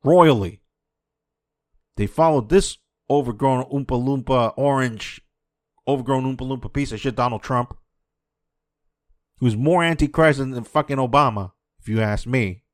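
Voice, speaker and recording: A man hosting an off-the-cuff podcast rant, swearing heavily and impassioned, swinging between quiet musing and a raised voice. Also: medium pitch, normal speed, no echo, clean studio sound. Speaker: podcast host.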